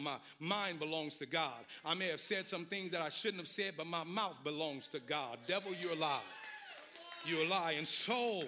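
A man preaching a sermon as pastor of a church, moving between sung, shouted climaxes and relaxed, playful talk with his congregation. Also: fairly high pitch. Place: church sanctuary.

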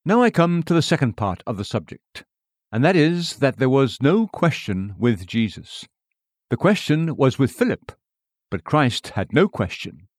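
A man's voice: medium pitch, very animated, no echo, studio quality. Earnest man reading an old sermon. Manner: measured, earnest, rhetorical questions. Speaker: preacher. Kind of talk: read-aloud sermon.

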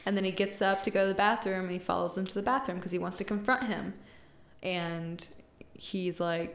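A woman's voice: mid-range voice, brisk. A young woman co-hosting a podcast, chatting casually as she recaps a film and acts out the characters' lines. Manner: animated, retells scenes by acting out lines. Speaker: podcast co-host. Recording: echoey room.

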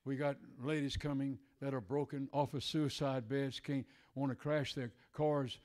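An older male preacher delivering a sermon, swinging between shouted declarations and hushed, tender passages. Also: mid-range voice, level tone, unhurried.

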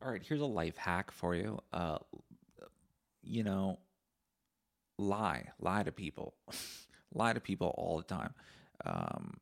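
Gravelly low-voiced man ranting. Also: big pitch swings, slow pace, pauses often. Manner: profane, sarcastic, rambling. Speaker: podcast host. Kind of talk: casual solo podcast rant.

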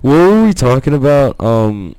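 A man's voice: medium pitch, sing-song, moderate pace, mellow, smooth, no room sound. Laid-back profane podcast host, a man. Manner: loose, profane, laughing banter. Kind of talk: casual chat.

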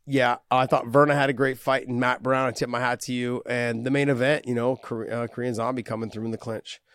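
A man's voice: medium pitch, level tone, brisk, fairly bright tone, no echo, studio quality. A man hosting a podcast in casual chat, easygoing and rambling, swearing freely. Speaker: podcast host.

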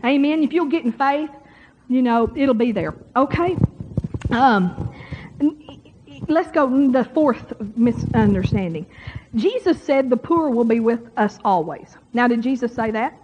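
A woman's voice: fairly high pitch, lively intonation, measured pace, noisy background. A woman preaching a sermon to a congregation in a folksy, chatty way, speaking straight to the crowd. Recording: dull lo-fi sermon recording.

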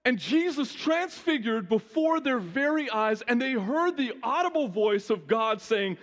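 A male pastor giving a lively, conversational sermon, often restarting his sentences. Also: very high-pitched, unhurried, few pauses, in a large hall.

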